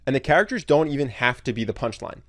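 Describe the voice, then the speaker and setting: A man's voice: medium pitch, expressive, fast, a bit bright. Man narrating an explainer video. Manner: clear, explanatory. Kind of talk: scripted narration.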